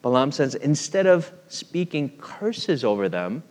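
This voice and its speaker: A man's voice: medium pitch, sing-song, a little slow, a little mellow. A male pastor preaching a sermon in a conversational, storytelling way, often asking his listeners questions. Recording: long hall reverb.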